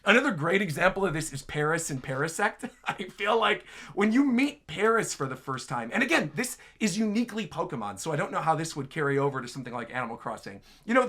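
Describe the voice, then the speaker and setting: A man hosts a casual gaming show and answers viewer questions with easy enthusiasm. His voice sits a bit higher than most men's, and his delivery is loose and chatty, peppered with "like" and "right?". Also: a bit bright.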